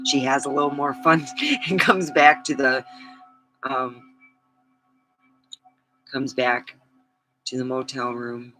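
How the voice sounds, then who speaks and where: Slow-talking, bright-voiced middle-aged woman vlogger. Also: very deep voice, fairly even intonation, faint music behind, rough recording. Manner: rambling, frank, swears freely, laughs at own stories. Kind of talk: casual chat to camera.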